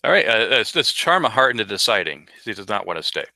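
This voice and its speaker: Man, game master narrating, low voice with a very bright, sharp edge, dry close sound, halting delivery. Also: very animated, creaky, dry recording. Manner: narrates with frequent uhs and repeats.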